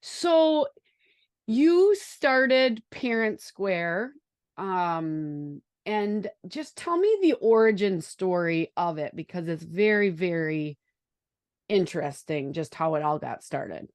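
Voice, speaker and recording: A woman's voice: on the low side, big pitch swings, slow, a little mellow, no room sound. A woman with a Wisconsin accent hosting a podcast, chatty and enthusiastic as she talks tips and interviews a guest. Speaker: podcast host.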